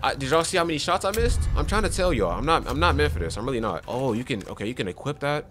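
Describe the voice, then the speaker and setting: A young man giving excitable let's play commentary on a horror game, talking to his viewers and yelling at enemies on a desk microphone. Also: mid-range voice, quick pace, noisy background. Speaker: gaming youtuber.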